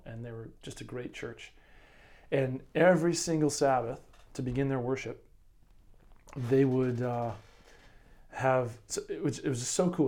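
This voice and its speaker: A man with a warm, mellow voice co-hosts a casual Bible lesson talk. He tells his stories with enthusiasm, stumbling and restarting as he goes. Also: mid-range voice. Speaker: co-host of a Bible lesson commentary. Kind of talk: casual religious discussion.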